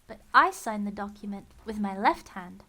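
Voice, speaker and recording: A woman's voice: mid-range voice, lively intonation, normal speed, sharp tone. Woman reading as a firm clever teenage girl. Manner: firm, testy.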